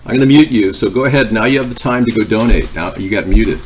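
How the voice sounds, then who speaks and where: A man's voice: on the low side, fast talker. A man hosting a live cooking stream from his home kitchen, rambling between the recipe and replies to viewers. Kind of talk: casual live-stream chat.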